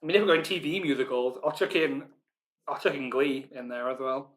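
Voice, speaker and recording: A quiz host with a Northern English accent runs a live online pub quiz, chatting informally with lots of ums, then reading each question slowly before repeating it. His voice is medium-pitched with a steady tone.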